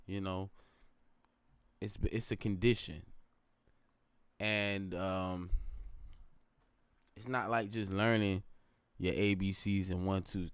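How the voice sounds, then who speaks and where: Rambling low-voiced man, late-night stream. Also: clear, resonant tone, dry recording. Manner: rambling and reflective, repeats phrases, asks "you know what I'm saying". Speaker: live streamer. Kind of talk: late-night casual live stream monologue.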